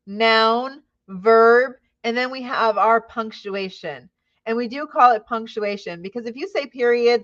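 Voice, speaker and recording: Woman teacher, higher voice, upbeat training talk, slightly dull recording. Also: a bit bright. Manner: upbeat, frequent "right?" tags, models classroom questioning.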